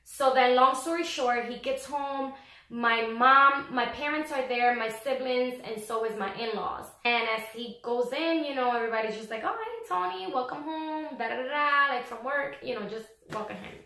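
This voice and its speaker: A young woman vlogging casually, telling a personal story in a chatty, animated way and acting out what people said. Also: fairly high pitch, normal speed. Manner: chatty, animated, acts out quoted voices. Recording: echoey room.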